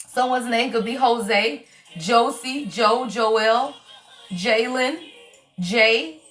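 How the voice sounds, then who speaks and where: A woman's voice: a little high, drawn-out words, fairly bright tone, soft background music. A middle-aged Southern woman with a Southern accent, a tarot reader talking on a livestream in a blunt, profane, preachy way. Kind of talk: livestream talk.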